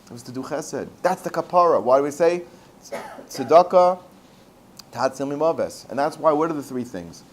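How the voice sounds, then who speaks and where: A man's voice: on the high side, lively intonation, normal speed, slight background noise. A man, a rabbi teaching a Torah class, talking animatedly, repeating words and mixing in Hebrew terms. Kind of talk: Torah lecture with storytelling.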